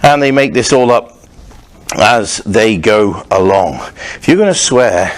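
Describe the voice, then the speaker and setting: A man's voice: lowish voice, very animated, takes it slowly. A man preaching a sermon as pastor, talking in a conversational, wandering way with frequent restarts and humorous asides. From Scotland.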